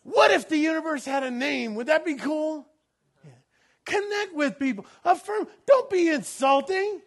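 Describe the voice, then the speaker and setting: Man, pastor, sermon, very high voice, animated, loud laughing bursts, solemn low scripture reading. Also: moderate pace.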